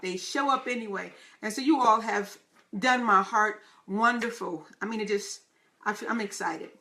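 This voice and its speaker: A woman host with a high, ringing voice and a sharp, bright edge. She talks to her listeners in an excitable, hyped, chatty way on her live talk show. She addresses them as y'all. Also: normal speed.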